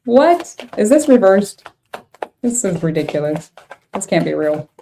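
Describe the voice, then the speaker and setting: A woman's voice: medium pitch, very animated, measured pace, gravelly, dark tone, slight background noise. A young adult woman giving a casual tarot reading to camera, blunt and exasperated, swearing freely as she reacts to the cards. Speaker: tarot reader.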